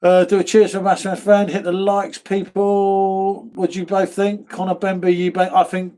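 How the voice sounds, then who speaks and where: Man, southern English accent, casual stream host, mate-heavy chat, slightly high voice. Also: monotone, normal speed, mellow. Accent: southern English, from near London. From England. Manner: chatty, laid-back, reads viewer comments, says mate a lot. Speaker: live stream pub host.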